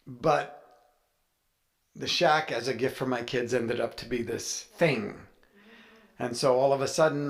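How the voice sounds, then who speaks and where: A man's voice: medium pitch, creaky. A man, an author, telling a chatty, anecdotal story with playful humor to a live audience. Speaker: author speaking at a writers' event.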